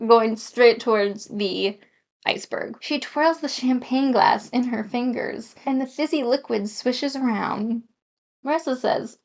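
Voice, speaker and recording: A woman reading a dating game aloud and commenting in a chatty, self-deprecating, giggly way. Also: high-pitched. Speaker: gaming YouTuber.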